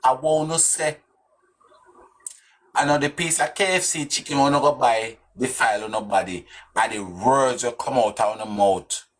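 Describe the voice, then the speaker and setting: A man's voice: mid-range voice, normal speed. Scornful Jamaican man commenting. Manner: scornful, mocking, rhetorical questions. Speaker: commentator reacting to an interview clip. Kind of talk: casual commentary.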